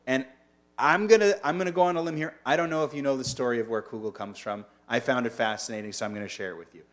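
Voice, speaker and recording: Chatty rabbi teaching casually. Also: male voice, medium pitch. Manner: chatty, digressive, asks the audience questions. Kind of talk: casual online lunch-and-learn talk.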